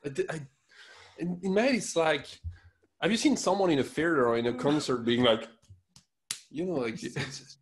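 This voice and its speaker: A man in his thirties from France with a French accent, co-hosting a podcast in an animated, laughing rant. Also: on the high side, normal speed, long pauses. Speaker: podcast co-host. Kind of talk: casual chat.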